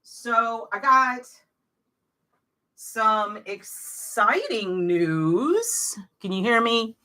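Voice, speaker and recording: A woman's voice: fairly high pitch, expressive, extremely slow, sharp tone. A woman hosting a knitting live stream, chatting casually and greeting viewers by name and place.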